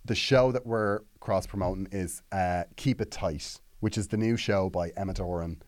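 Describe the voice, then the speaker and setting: A man's voice: low-pitched, moderate pace, no room sound, clean studio sound. An Irish man co-hosting a podcast in casual chat, teasing and blunt, laughing often. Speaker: podcast co-host.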